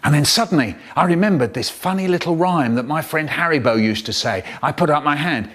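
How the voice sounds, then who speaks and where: A man telling a school story to children in an animated, theatrical way. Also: fairly quick, few pauses. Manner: animated, theatrical storytelling with sudden jumps in pitch. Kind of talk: storytelling for children, cut up in a remix.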